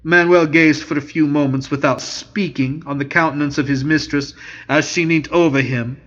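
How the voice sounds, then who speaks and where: A man's voice: fairly high pitch, steady tone, moderate pace, fairly bright tone. A man narrating an old novel aloud in a stately, declamatory manner. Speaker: audiobook narrator. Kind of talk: scripted narration of a Victorian novel. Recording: muffled lo-fi home recording.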